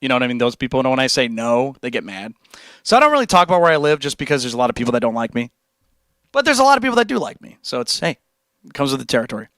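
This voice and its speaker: Laid-back young man streamer, bright voice. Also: medium pitch, very animated, rapid-fire, dry recording. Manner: laid-back, rambling, says dude and like a lot. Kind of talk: casual livestream chat.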